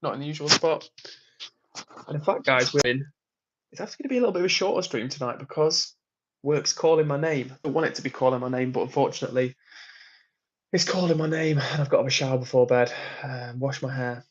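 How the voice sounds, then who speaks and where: A man's voice: medium pitch, fast, lo-fi sound. A man casually chatting on a livestream while away on a work trip, reading out viewer comments and laughing often. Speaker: livestream host. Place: hotel room on a work trip.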